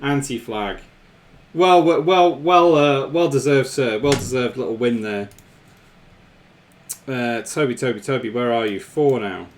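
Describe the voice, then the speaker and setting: A man's voice: medium pitch, unhurried, slight background noise. A man hosting a live stream, chatting casually with viewers, laughing often and repeating himself.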